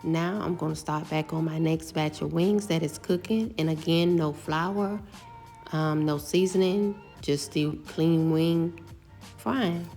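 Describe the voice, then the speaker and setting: A middle-aged woman casually talking through her home cooking step by step, relaxed and chatty. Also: deep voice, takes it slowly, vocal fry, faint music behind. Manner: relaxed, step-by-step explaining with fillers.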